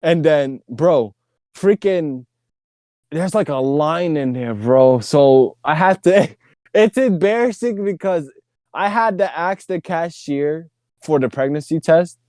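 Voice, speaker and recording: A young man telling a story on a podcast, casual, slangy and animated, often laughing. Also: on the high side, takes it slowly, dry recording, clean studio sound. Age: young adult. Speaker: podcast host.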